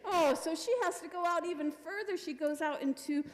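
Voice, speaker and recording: A woman's voice: very high voice, fairly quick. Playful woman telling a story in church. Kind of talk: children's story told to a congregation. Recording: long reverb of a church hall.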